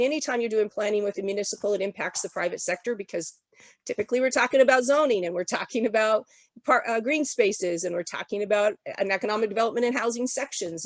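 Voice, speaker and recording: A woman briefs a virtual summit audience in a brisk, auctioneer-like rush, upbeat despite being sick. Her voice sits in a middle register. The sound is dry and close, picked up by a video-call microphone. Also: medium pitch, dry recording. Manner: rapid-fire auctioneer-style delivery. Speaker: regional development commission presenter. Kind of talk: briefing presentation at an online summit.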